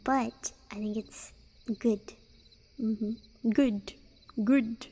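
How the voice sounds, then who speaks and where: A young woman streamer talking with her viewers in a teasing, playful way, slipping into whispered asides and little giggles. Her voice sits fairly high, and she takes her time. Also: steady tone, extremely slow, pauses often, dark tone, slightly rough. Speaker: live streamer. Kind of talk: casual live-stream chat with viewers.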